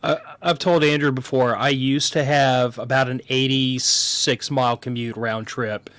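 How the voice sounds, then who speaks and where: A man co-hosting a podcast, telling a story in a measured, matter-of-fact way. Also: medium pitch, steady tone, fairly bright tone, dry recording. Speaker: podcast co-host. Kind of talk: casual chat.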